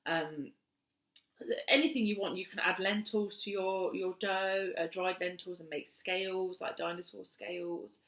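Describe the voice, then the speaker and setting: In an echoey room, a woman who teaches early years talks parents through play and speech tips in a relaxed way. Her voice is fairly low, steady, slightly slow and a bit bright, full of "um"s, turning sing-song for the kids.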